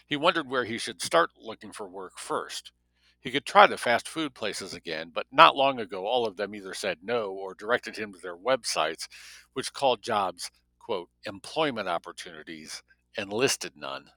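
A man with a lowish, bright and forceful voice reading a novel aloud. He stops now and then for wry asides on the story. The sound is dry and close. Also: lively intonation, moderate pace, no echo, low-quality recording. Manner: breaks off reading for wry spoken comments. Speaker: story reader.

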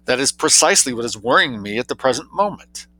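A man voicing a droll, mischievous young gentleman. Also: medium pitch, animated, fast talker, voice pushed up, rough recording. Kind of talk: audiobook character reading.

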